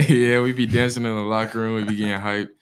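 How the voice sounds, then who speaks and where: A teenage football player talks casually about his team in a relaxed, informal way, with lots of "uh"s. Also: on the low side, fairly quick, clear, resonant tone. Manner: relaxed, informal speech with "we be" phrasing and many "uh"s. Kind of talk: casual interview chat.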